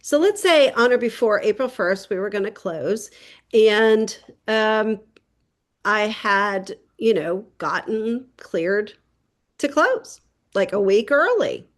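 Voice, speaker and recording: A woman real estate agent gives a casual tip to other agents. She talks in a chatty, storytelling way and slips into quick voices for the people in her story. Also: medium pitch, animated. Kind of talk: casual how-to tip video.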